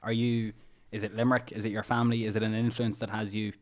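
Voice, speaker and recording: A man's voice: lowish voice, flat delivery, fast talker. An Irish man hosting a podcast, asking long, rambling questions in a chatty way. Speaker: podcast host. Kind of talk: casual podcast conversation.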